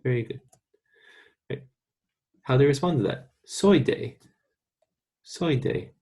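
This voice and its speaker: A man from the United States teaching a recorded online Spanish lesson, patiently repeating words slowly for students to practice. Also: medium pitch, lively intonation, warm tone, husky.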